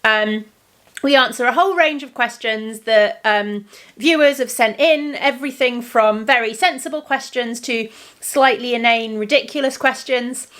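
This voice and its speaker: A woman's voice: fairly high pitch, moderate pace, a bit bright. A woman vlogger chatting casually to camera in the evening, with lots of ums. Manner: chatty, many ums, laughs often.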